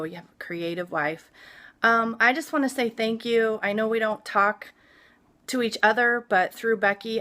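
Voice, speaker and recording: A woman's voice: medium pitch, fairly bright tone. A woman in her forties giving a heartfelt, sincere birthday message. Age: 40s.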